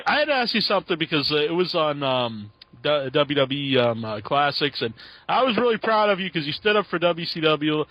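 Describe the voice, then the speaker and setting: A man hosting a podcast interview, asking questions haltingly with many "uh" and "um" pauses. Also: fairly high pitch, animated, no room sound. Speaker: podcast host. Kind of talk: casual interview. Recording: dull lo-fi audio.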